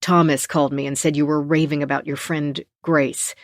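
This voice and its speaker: A man's voice: fairly high pitch, flat delivery, moderate pace, dry recording, studio quality. A narrator voicing a worried, exasperated man pleading in a string of voicemails. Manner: urgent, pleading. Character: worried, exasperated male partner leaving voicemails.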